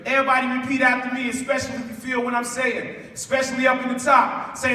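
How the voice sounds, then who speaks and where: A man in his late forties from Chicago's West Side, giving a preacherly spoken-word speech to a school audience, calling for responses and building to loud emphatic lines. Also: very high voice, monotone, brisk, a little hiss or hum. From West Side of Chicago, USA. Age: 40s. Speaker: spoken word poet and speaker. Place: large school hall. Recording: echoey hall from far off.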